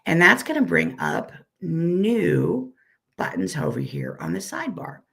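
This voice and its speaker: Gravelly, hoarse woman teaching live. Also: fairly low pitch, wildly swooping pitch, fairly bright tone. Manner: friendly, self-deprecating, repeats steps slowly. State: weak, hoarse voice from recovering illness. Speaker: software instructor. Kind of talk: live online tutorial.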